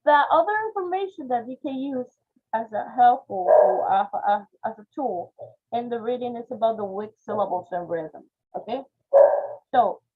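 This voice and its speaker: Teacher with a husky voice over a tinny call. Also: female voice, on the high side. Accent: Spanish-accented English. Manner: tags sentences with "okay?". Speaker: English phonetics teacher. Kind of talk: online class lecture. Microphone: video call. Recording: tinny phone-like call audio.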